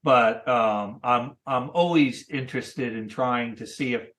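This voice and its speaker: A man in his sixties, a cartoonist guest, chatting casually in a thoughtful, halting way with many restarts. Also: mid-range voice, a bit bright. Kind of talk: casual interview chat.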